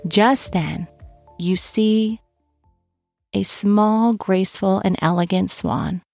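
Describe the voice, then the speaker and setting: A woman gently telling a guided story to young children and asking them questions as she goes. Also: medium pitch, steady tone, slow, gravelly, no room sound, clean studio sound, soft background music. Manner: gentle, asks the listener questions.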